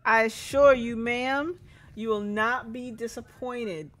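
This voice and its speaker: A woman playing a rural gas station attendant, smooth salesman, drawling country voice, unhurried, calling everyone ma'am. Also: a little high, steady tone. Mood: salesy. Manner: drawling country accent put on, courteous "ma'am". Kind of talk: reading game dialogue aloud.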